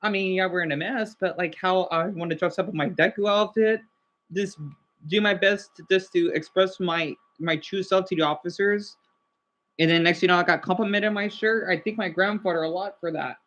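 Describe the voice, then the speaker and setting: A man's voice: high voice, fairly even intonation, normal speed, fairly bright tone. A young man hosting a casual livestream, rambling and getting emotional while reading names from the chat. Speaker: livestream host.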